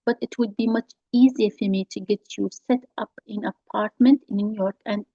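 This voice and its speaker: A bossy older sister who is sure she knows best, as a woman reads her out. She is coaxing and insistent, and her tone is mellow and low-key. The recording is dull and dry. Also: fairly even intonation, normal speed, dry recording, close to an everyday voice. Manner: insistent, persuasive. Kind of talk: reading a play scene aloud.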